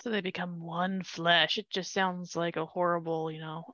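A woman co-hosting a podcast, chatty and quick to joke, with a bright, sharp-edged voice. Her talk is full of fillers and asides. The sound is dry and a bit dull. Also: lowish voice, little pitch movement, no echo. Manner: chatty, jokey, many fillers and laughs. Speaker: podcast co-host. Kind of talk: casual chat. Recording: dry, slightly dull home mic.

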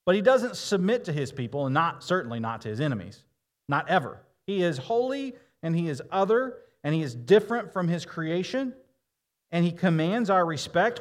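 A man preaching a sermon, reading scripture aloud and slowing down to stress key phrases. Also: sits high. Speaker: pastor.

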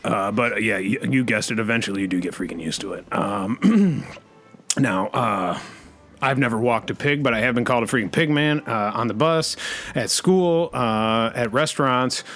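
Rambling deadpan male podcast host. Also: medium pitch. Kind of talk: comedy podcast rant.

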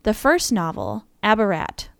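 A woman's voice: mid-range voice, animated, a little slow, gravelly, fairly bright tone, clear, resonant tone, no room sound, studio quality. A woman co-hosting a podcast, reading a prepared script and breaking off now and then with laughing asides. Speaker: podcast co-host.

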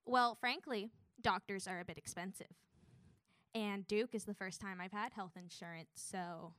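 A woman's voice: medium pitch, moderate pace, a bit bright, clean tone, no room sound, clean studio sound. A young woman, a student, narrating a personal story in a wry tone. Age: young adult.

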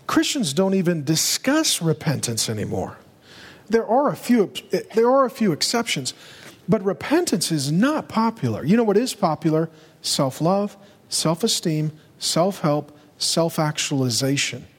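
A male pastor preaching a sermon with urgency, driving home his points and rising to loud, emphatic peaks. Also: fairly high pitch, big pitch swings, unhurried, breathy edge. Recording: long reverb of a large hall.

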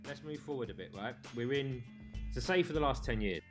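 A man interviewing a guest in a casual chat, with halting restarts as he talks. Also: medium pitch, animated, faint music behind. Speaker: interviewer and narrator.

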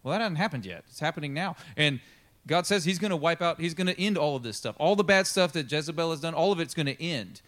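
A man preaching in a loose, conversational way, leaping into the characters' voices as he goes. His voice sits a touch higher than most men's. He is lively and easygoing rather than formal. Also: quick pace. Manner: animated, chatty, acts out the characters. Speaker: pastor. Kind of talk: casual storytelling sermon. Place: church.

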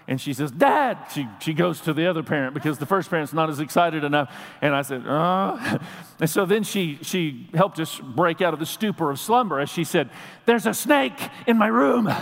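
A middle-aged male pastor preaching, telling stories animatedly and building up to shouts. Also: high voice. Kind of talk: sermon. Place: church sanctuary. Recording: long reverb of a large hall.

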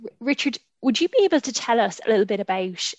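A woman's voice: a little high, very animated, fast talker, dry recording. A woman hosting an interview, asking questions hesitantly with many fillers as she searches for words. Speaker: interview host. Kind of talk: conversational interview.

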